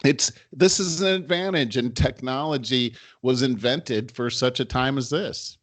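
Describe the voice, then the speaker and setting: A man's voice: mid-range voice, measured pace, no room sound. A middle-aged man co-hosting a podcast, telling anecdotes in casual chat and chuckling through his stories. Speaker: podcast co-host. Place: home in Los Angeles.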